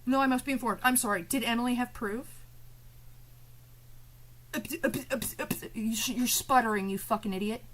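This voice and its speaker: Sarcastic, swearing woman streamer, higher voice. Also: normal speed, pauses often, a bit bright, poor audio. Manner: profane, confrontational, sarcastic. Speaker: live streamer. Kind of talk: heated live-stream rant at chat.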